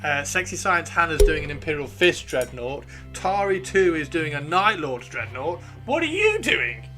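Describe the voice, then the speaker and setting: A man's voice: fairly high pitch, normal speed, music in the background. Playful, chatty man hosting a livestream. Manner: chatty, playful, swears freely, repeats himself. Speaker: livestream host. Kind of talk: casual livestream chat, reading out viewer comments.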